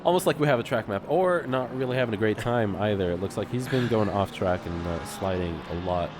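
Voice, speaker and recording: A man doing live sim racing commentary in a relaxed, chuckling way, with plenty of fillers. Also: lowish voice, fairly quick, noisy background.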